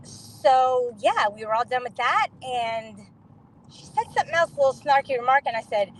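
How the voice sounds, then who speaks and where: A high-pitched woman in middle age tells a story with big, lively swings in her voice. She is indignant and animated and acts out everyone's lines as she goes. Faint vehicle noise hums in the background. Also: moderate pace, poor audio. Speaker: vlogger telling a story. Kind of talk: casual storytime monologue.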